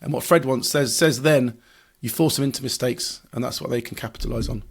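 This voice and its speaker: Male motorsport pundit, mid pitch, gravelly texture, analytical podcast delivery. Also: a little fast. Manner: analytical, explanatory, with restarts and fillers. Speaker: motorsport journalist. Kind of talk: podcast discussion.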